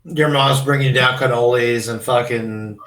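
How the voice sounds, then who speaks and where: A man's voice: medium pitch, steady tone, a little slow, a bit bright, reverberant, slight background noise, rough recording. A man who is a guest in a casual chat, laid-back and joking, swearing freely. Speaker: podcast guest.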